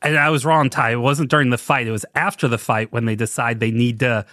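A man's voice: medium pitch, fairly even intonation, a little fast, a bit bright, soft background music. A man co-hosting a casual podcast, laughing often as he recounts scenes. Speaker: podcast co-host. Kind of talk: casual chat.

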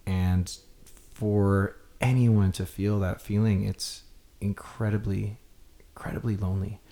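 Slow, dark-voiced male interviewer. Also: lowish voice, steady tone. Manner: slow, reflective, measured. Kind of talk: interview conversation.

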